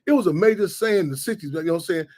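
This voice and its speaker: Fast-talking high-voiced man rambling. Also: darkish tone. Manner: rambling, repeats "you know what I'm saying". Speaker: radio show host. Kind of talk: casual monologue.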